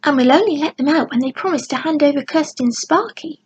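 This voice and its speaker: A woman's voice: high-pitched, quick pace, lo-fi sound, pitched above the performer's own voice, close to an everyday voice. A brave eager young girl, as a woman reads her. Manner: eager, whispering at times.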